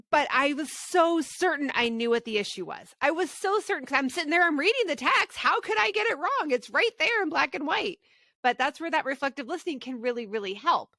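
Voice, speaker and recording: A woman co-hosting a parenting podcast, telling stories in an animated, self-mocking way. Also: sits high, fast, no room sound. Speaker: podcast co-host. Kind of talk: casual podcast storytelling.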